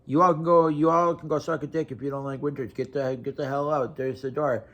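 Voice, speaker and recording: A man's voice: on the high side, fairly even intonation, a little fast, a bit bright. A young man from Wisconsin, ranting casually to camera with blunt, profane talk and lots of restarts. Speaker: vlogger.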